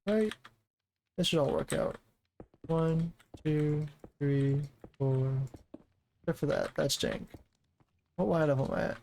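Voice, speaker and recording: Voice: mid-range voice, takes it slowly, creaky, long pauses, darkish tone, a little hiss or hum, rough recording. A streamer casually chatting and rambling while building in a game, often counting blocks aloud.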